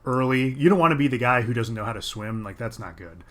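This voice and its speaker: Podcast cohost guy, bright voice, jumpy pitch, jokey and swears a lot. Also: expressive, fast talker. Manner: joking, swears casually, restarts sentences. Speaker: podcast co-host. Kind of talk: casual chat.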